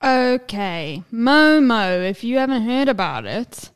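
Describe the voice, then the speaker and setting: A woman's voice: a little high, big pitch swings, takes it slowly, clear, resonant tone, soft background music. A young woman co-hosting a casual podcast chat, talkative and blunt, swearing freely and laughing often. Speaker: podcast co-host.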